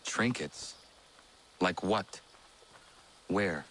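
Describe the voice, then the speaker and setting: A man's voice: low-pitched, drawn-out words, fairly bright tone, a little hiss or hum, full character voice. An actor playing an earnest young male captain who asks plain questions. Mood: curious.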